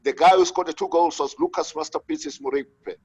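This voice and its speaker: A man's voice: sits high, very animated, brisk, vocal fry, darkish tone, slightly rough, no echo. A former player recalls a game over a video call, listing names between hesitant fillers. His voice sounds dull and dry. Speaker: panelist, former footballer. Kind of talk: recalling on an online panel.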